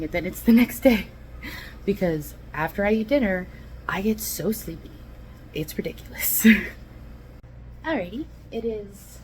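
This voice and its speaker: A woman's voice: mid-range voice, a little mellow, a little hiss or hum. A woman chatting casually in a home vlog, rambling with lots of fillers and asides. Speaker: vlogger. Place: home kitchen.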